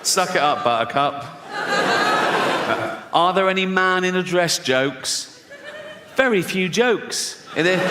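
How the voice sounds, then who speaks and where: A middle-aged man doing a stand-up set, sardonic and profane, often laughing at his own jokes and mimicking people. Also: high voice. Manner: sardonic, swearing, breaks into laughs, mimics people in silly voices. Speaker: stand-up comedian. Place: large theatre stage with a laughing audience. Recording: long hall reverb, audible crowd noise.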